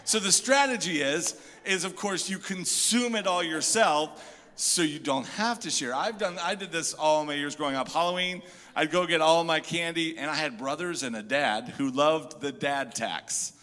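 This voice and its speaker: A male pastor delivering a sermon, telling funny stories with lively asides. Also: on the high side, normal speed. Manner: animated storyteller, jokey asides. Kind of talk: sermon with humorous storytelling. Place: church hall. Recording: echoey hall.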